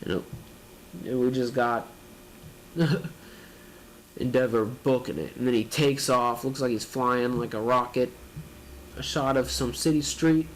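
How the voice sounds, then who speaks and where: A man's voice: mid-range voice, a little hiss or hum. A man reading a manga chapter aloud and reacting, narrating panels casually and laughing often.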